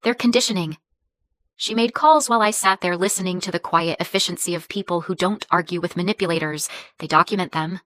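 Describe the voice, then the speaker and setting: A woman tells a first-person story in a measured, even way. Her voice sits a little low. The recording is dry and close. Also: no room sound. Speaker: narrator.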